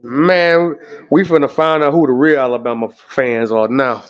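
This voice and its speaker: A man hosting an emotional live stream, animated, groaning and exclaiming as he talks. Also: medium pitch, moderate pace, smooth, lo-fi sound. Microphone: home streaming setup.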